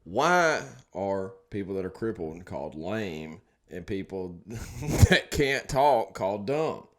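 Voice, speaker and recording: A man with a lively, swooping voice co-hosts a comedy podcast. He reacts loosely and muses aloud with blunt, profane questions. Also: deep voice, takes it slowly. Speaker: podcast co-host. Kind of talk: casual comedic chat.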